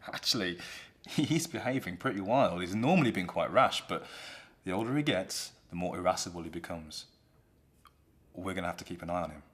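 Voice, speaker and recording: A man voicing a cold, scheming eldest daughter of a king, sharp and scolding. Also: sits low, expressive, brisk.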